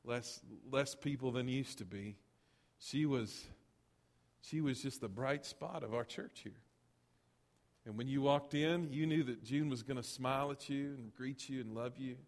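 A man's voice: mid-range voice, unhurried. Man preaching in a reverberant church. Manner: storytelling with swings from loud to hushed. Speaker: pastor. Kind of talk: sermon. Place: church sanctuary. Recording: long hall reverb.

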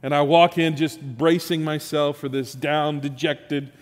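Middle-aged preacher, fairly high voice, storytelling sermon, long church reverb. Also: male voice, measured pace. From Texas, USA. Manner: storytelling, animated, with rising emphasis and restarts. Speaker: pastor.

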